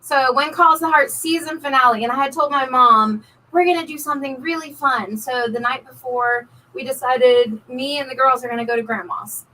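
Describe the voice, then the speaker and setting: Chatty bright-voiced woman storyteller. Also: high-pitched, moderate pace, far from the mic, rough recording. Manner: chatty, animated storyteller, many likes and ums. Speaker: co-host of a couple's live stream. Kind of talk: casual storytelling chat.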